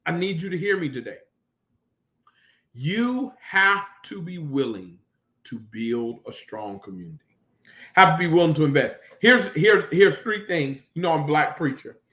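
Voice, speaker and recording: A man's voice: on the high side, lively intonation, unhurried, a bit bright. A man preaching a sermon as pastor, building emphasis with repeated phrases. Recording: echoey room.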